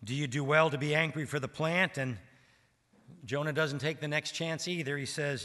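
Male pastor, sermon, emphatic, loud to hushed, bright voice, long church reverb. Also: fairly high pitch, steady tone, moderate pace.

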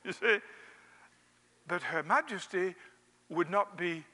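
A man's voice: high voice, slow, pushed and bright, long reverb tail. A man preaching a sermon, telling a wry anecdote and acting out its quotes.

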